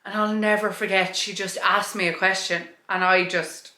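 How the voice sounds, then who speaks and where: A woman's voice: mid-range voice, little pitch movement, normal speed, bright, forceful tone. A young woman co-hosting a podcast, open and talkative in casual chat, swearing casually. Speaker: podcast co-host. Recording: echoey room.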